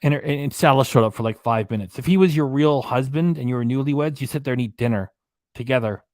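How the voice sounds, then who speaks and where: A man's voice: mid-range voice, quick pace, a little mellow, no echo. Sarcastic guy ranting on his reaction stream, rambly, dry mic. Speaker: commentary channel host. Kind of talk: livestream reaction commentary.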